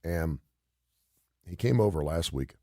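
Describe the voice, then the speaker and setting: A man's voice: low voice, animated, unhurried, dark tone, no echo, studio quality. A middle-aged man hosting a radio talk show, telling a story in an emphatic, rambling, repetitive way.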